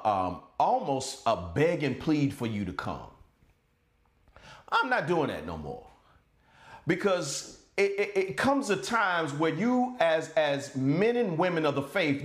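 A male pastor preaching a sermon with passion, his voice swinging from loud shouts down to low, quiet stretches. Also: roomy sound. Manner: impassioned preaching, rising to shouts and dropping low.

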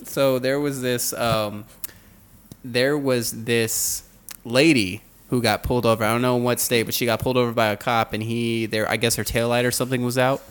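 A man's voice: normal speed, clean tone. A man in casual chat, animatedly retelling a story and acting out the voices of the people in it. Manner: animated storyteller, acts out voices with big pitch jumps.

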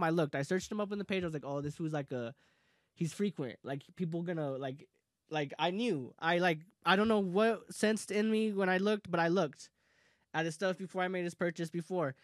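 A young man casually telling a heated story among friends, profane and animated, often laughing. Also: high voice, no echo, clean studio sound.

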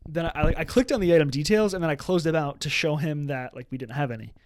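A man's voice: a little high, quick pace, a little mellow, a little hiss or hum. Young male podcast co-host, casual, rambling storyteller, lots of filler words. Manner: rambling storyteller, many restarts and "like". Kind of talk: casual chat.

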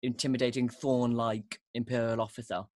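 A man hosts a casual podcast, talking with enthusiasm and often restarting his sentences. His voice sits at a middling pitch. The recording is dry and close. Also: flat delivery, brisk, a little mellow, no echo. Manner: enthusiastic, rambling, with frequent restarts. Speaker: podcast host.

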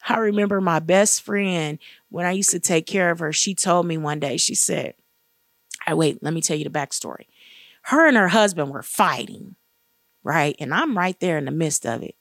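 A woman's voice: lively intonation, moderate pace, no echo, studio quality. A middle-aged woman sharing a faith-based personal testimony in an earnest, encouraging way. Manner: earnest and encouraging, acts out quoted dialogue with raised pitch. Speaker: guest speaker sharing testimony.

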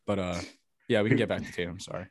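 A young man co-hosting a sports podcast, chatting casually and telling profane, excitable stories. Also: low voice, quick pace, slight background noise. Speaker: podcast co-host.

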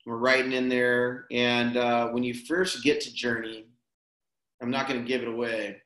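Male guest, mid-pitched, casual rambling storyteller, slangy, echoey room. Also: normal speed. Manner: relaxed, rambling, peppers speech with "man" and "dude". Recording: roomy echo.

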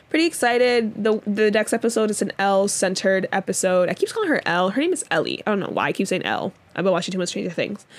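A young woman co-hosting a podcast in casual chat, talking loosely with many fillers and quick laughs. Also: mid-range voice. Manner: chatty, lots of fillers and laughs. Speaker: podcast co-host.

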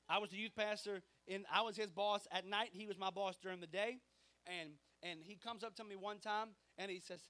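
Pastor, forties, fairly high voice, chatty sermon full of stories and quoted talk. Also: male voice, brisk. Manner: conversational, animated storytelling with quoted dialogue.

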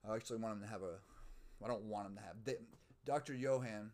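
A man's voice: lowish voice, fast talker, a little mellow. A man hosting his own podcast, rambling casually and profanely, musing aloud and mocking himself. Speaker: podcast host.

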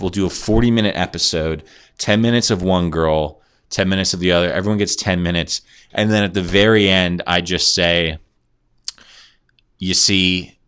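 A man's voice: low voice, fairly bright tone, smooth. A man hosting a comedy podcast, rambling through sarcastic, profane stories off loose notes. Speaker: podcast host. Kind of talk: casual comedic monologue.

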